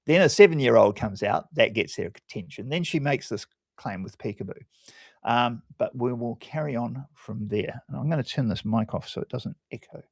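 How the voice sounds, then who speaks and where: A man coaching on public speaking over a community call, walking through a talk in a loose, conversational way. His voice sits at an everyday middle pitch and sounds dry and close, with no room around it. He often hesitates and restarts phrases as he explains. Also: expressive, normal speed, vocal fry, no room sound.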